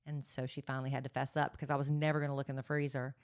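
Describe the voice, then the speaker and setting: A woman's voice: rumbling low, flat delivery, rapid-fire, clean tone. A woman co-hosting a podcast, telling a story in a chatty, teasing way, still worn out from a party. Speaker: podcast co-host. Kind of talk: casual chat.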